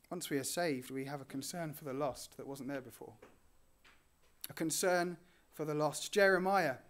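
Earnest higher-voiced male preacher. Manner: earnest, rising on key phrases and dropping softly at line ends. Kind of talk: sermon.

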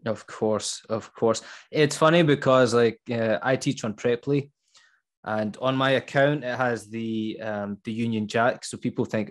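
Scottish man from Glasgow, English teacher, animated and chatty, medium pitch. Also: normal speed. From Scotland. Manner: lively, asks rhetorical questions. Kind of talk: casual conversation.

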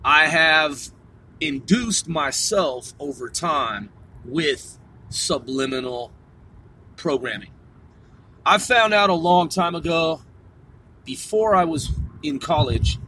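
A middle-aged man from a small country town, talking to his viewers in a slow, deliberate monologue and repeating and rephrasing himself as he goes. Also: fairly high pitch, sharp tone, slight background noise, rough recording. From a small country town on the West Coast. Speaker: channel host.

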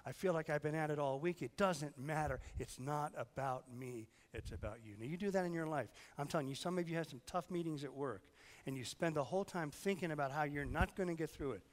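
Hoarse man preaching in an echoing hall. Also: on the high side, a little fast. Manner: conversational preaching, questions to the congregation, swings from loud to hushed. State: hoarse, fighting sickness. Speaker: pastor. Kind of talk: sermon.

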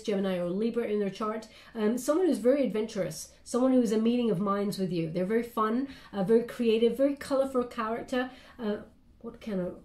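A woman's voice: fairly high pitch, warm tone. A woman giving a casual spoken tarot reading, chatty and meandering, often checking in with her listener. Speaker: tarot card reader. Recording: roomy echo.

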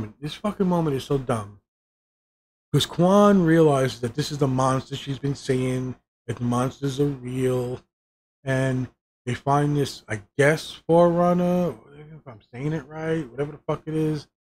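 A man's voice: medium pitch, darkish tone, slight background noise. A man giving a profane, exasperated review of a TV season, swearing constantly and mocking the characters' lines. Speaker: show reviewer.

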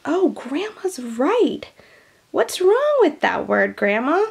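A woman with a high voice reads a picture book aloud to children, slowly and warmly explaining words as she goes. Her tone is gentle, chatty and teacherly. There is a light gravelly fry in her voice. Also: big pitch swings. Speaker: children's storyteller.

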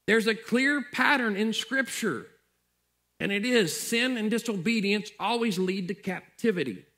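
A man's voice: sits high, bright, forceful tone. A male pastor preaching a sermon in a conversational way, repeating phrases for emphasis.

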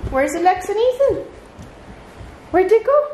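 A woman's voice: moderate pace, slight background noise. A mother filming a casual family vlog at home on a small farm, talking to her kids and cooing at her goats. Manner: excitable, coos at her goats in a high sing-song.

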